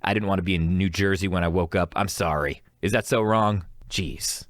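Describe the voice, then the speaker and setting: A young man with a lowish voice tells a story in a loose, rambling way. He mocks himself and plays both sides of a quarrel as he goes. It sounds close and dry, as if taped in a small room. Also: steady tone, normal speed, no room sound. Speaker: podcast host. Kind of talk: casual storytelling monologue.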